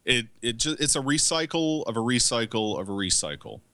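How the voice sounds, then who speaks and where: A man's voice: mid-range voice, lively intonation, brisk, pushed and bright, no echo. Blunt, profane movie-podcast man. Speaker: podcast co-host. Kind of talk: casual movie review chat.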